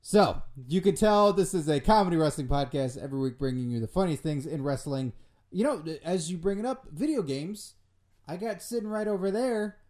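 A man co-hosting a comedy podcast, trading quick, chatty banter. His voice sits a little high. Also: animated, a little mellow. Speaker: podcast co-host.

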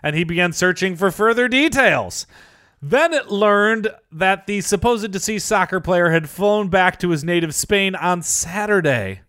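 High-voiced man co-hosting a comedy podcast. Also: animated, a little slow, pushed and bright, smooth, no echo, clean studio sound. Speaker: podcast co-host. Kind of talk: casual comedic chat.

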